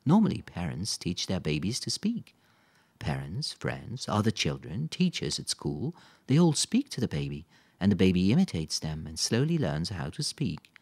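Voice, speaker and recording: A man's voice: sits low, wildly swooping pitch, moderate pace, darkish tone, slightly rough, full character voice. A man reading aloud, voicing a kind middle-aged mother who explains things patiently. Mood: explaining. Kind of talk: audiobook character voice.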